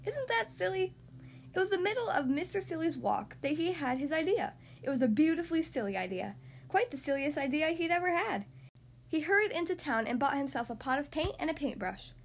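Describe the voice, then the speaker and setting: High-voiced woman reading a children's story. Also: brisk. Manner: expressive, animated storytelling. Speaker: podcast host and story reader. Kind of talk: children's story read-aloud.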